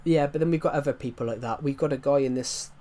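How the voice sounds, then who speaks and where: Talking fast in a mellow, mid-range voice, a West Country man from England rambles to his live-stream audience as he plays a game. He keeps restarting his sentences in this casual chat.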